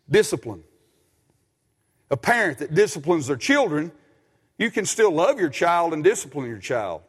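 A high-voiced man preaches in a church with a folksy, animated delivery, often restarting his sentences. The sound carries a long reverb from the hall around him. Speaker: pastor. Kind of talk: sermon. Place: church sanctuary.

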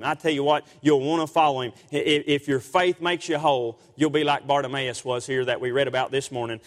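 A man's voice: high voice, fairly bright tone. A man preaching a sermon as pastor, repeating himself, stammering and asking rhetorical tag questions, with King James wording. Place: church sanctuary. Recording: long church hall reverb.

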